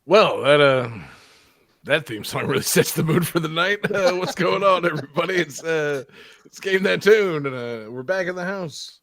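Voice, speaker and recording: A man's voice: a little high, lively intonation, moderate pace, fairly bright tone, dry recording. A young man hosting a casual gaming podcast, upbeat and rambling with lots of fillers, on a studio mic. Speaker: podcast host. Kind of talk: casual chat.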